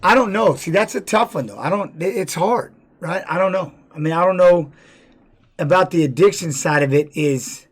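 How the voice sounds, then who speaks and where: A man's voice: high-pitched, normal speed, slightly rough. A man giving casual live-stream commentary on fight videos, blunt and profane, repeating words for emphasis.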